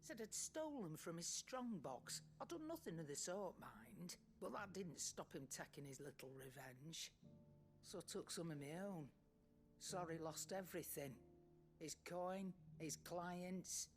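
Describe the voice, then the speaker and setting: A woman's voice: fairly low pitch, lively intonation, measured pace, faint music behind. An actress playing a shrewd, vengeful older woman trader with a Scouse accent, speaking bluntly with dry humour. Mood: wry. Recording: game audio with faint ambience.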